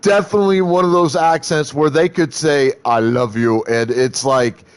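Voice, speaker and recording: A man's voice: a little high, normal speed. A man streaming a game live, chatting casually and rambling, swearing freely as he talks to his chat.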